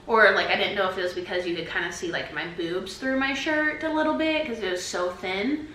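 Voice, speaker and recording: A woman's voice: medium pitch, a little fast, sharp tone, roomy sound, slight background noise, rough recording. A woman in her twenties vlogging to her camera, telling stories in a chatty way full of "like". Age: 20s. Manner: chatty, peppered with "like". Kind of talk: casual storytelling to camera. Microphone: camera mic.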